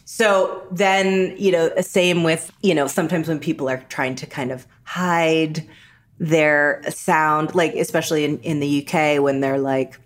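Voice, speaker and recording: Woman, very low voice, podcast guest, animated and lively. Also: a little slow. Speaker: interview guest. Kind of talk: conversational interview.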